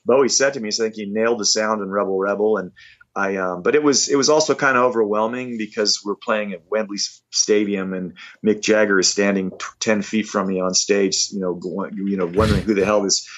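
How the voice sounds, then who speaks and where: Guy in his 50s swapping rock stories, kinda low voice, dull lo-fi sound. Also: fairly quick. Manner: animated, self-deprecating anecdotes. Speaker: rock musician guest. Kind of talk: casual interview storytelling. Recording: dull lo-fi audio.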